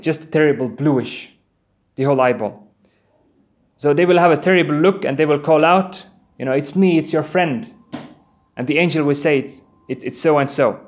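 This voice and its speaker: A man's voice: fairly high pitch, a little mellow. A man giving an earnest Islamic sermon, telling vivid stories and reciting Quran verses in Arabic. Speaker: preacher.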